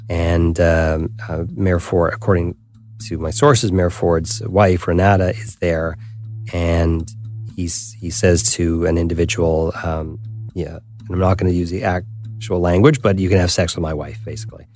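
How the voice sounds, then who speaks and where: A male journalist recounting his reporting in an interview, animated and halting. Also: sits low, soft background music.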